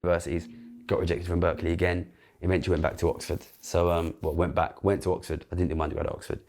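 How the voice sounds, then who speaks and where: A man in his thirties, a guest in a played interview clip, tells his own story candidly in a low, rapid-fire, darkish voice with little pitch movement. His recollection rambles, is self-deprecating, and includes casual swearing.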